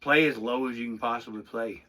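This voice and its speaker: A man giving a casual drumming lesson, talking through a soft-playing exercise with sudden loud, excited bursts between quieter asides. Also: mid-range voice, fairly quick. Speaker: drum instructor.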